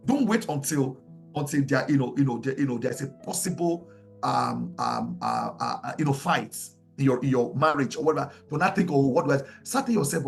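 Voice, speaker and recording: Animated Nigerian man teaching a class. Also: medium pitch, normal speed, creaky, soft background music. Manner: animated storytelling with many restarts.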